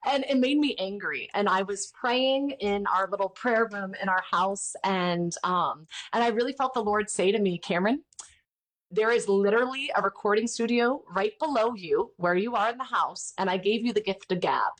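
A woman's voice: medium pitch, normal speed. A woman in her thirties, a podcast host, talking candidly and chattily in an interview, acting out the people in her stories. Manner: chatty, candid, animated retelling with voiced quotes. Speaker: podcast host and ministry founder. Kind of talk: casual interview chat.

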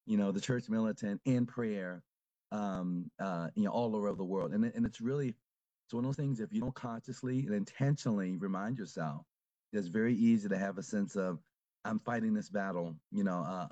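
A man who is a Catholic priest, talking reflectively in a casual conversation, with halting speech and many fillers. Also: on the low side, dark tone, dry recording, dull audio.

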